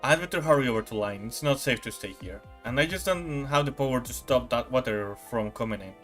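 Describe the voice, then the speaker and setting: A man's voice: medium pitch, lively intonation, fairly quick, a bit bright, soft background music. A young man streaming a game playthrough, reading narration and adding casual, jokey asides.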